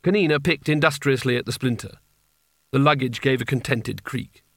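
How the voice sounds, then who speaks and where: A man reads an audiobook with a gravelly, mid-pitched voice, telling the story evenly. The recording is dry and close. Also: moderate pace, fairly bright tone, dry recording. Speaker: audiobook narrator. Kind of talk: scripted narration.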